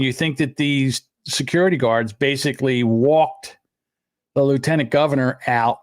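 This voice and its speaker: An older man co-hosting a podcast, chatting casually in an animated, mocking way and mimicking people he watches. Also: medium pitch, no room sound, clean studio sound. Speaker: podcast co-host. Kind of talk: casual chat.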